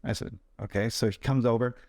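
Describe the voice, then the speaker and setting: A man tells his stunt stories with bounce and energy, jumping up in pitch when he acts out other people's lines. His voice sits in an ordinary middle register. The sound is close and dry, with no room around it. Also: fairly quick, no echo. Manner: animated anecdotes, acts out quoted voices. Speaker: stuntman guest. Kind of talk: casual storytelling interview.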